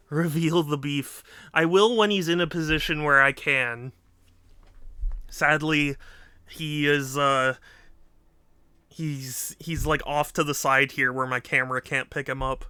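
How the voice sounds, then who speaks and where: A man's voice: a little high, fairly even intonation, unhurried, pushed and bright, a little hiss or hum. A man streaming a game who talks casually and often coos baby talk to his cat. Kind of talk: casual live-stream chat. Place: dim room indoors. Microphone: desk microphone on a stand.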